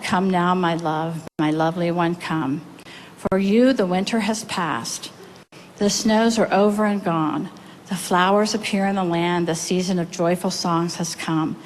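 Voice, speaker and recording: A woman preacher delivers a sermon in a lowish voice, telling a story with earnest pauses. A faint noise hums behind her. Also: poor audio. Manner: earnest storytelling, reading quotes aloud with pauses. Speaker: pastor.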